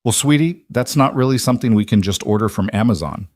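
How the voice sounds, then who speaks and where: A man reading a calm, reassuring wife. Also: mid-range voice, normal speed, dry recording, clean studio sound, close to an everyday voice. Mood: loving. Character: adult woman, warm wife and mother.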